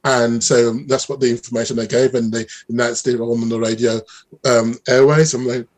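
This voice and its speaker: Man, middle-aged, husky voice, lively storyteller, interview guest. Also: mid-range voice, moderate pace. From Birmingham, England. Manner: animated storyteller, many restarts. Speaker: mathematician guest. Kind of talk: conversational interview.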